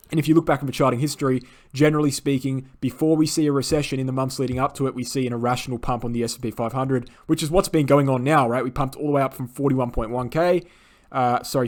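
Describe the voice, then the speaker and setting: A man giving chart analysis commentary on a market, emphatic and insistent, often ending points with a tag question and filling pauses with "uh". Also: mid-range voice, a little mellow. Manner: emphatic, insistent, frequent "right?" and fillers.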